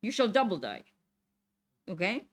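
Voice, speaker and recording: A woman's voice: medium pitch, very animated, normal speed, husky. A woman teaching a Torah lesson to a congregation. She reads verses aloud, explains Hebrew words and keeps checking in with "Okay?". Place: synagogue classroom.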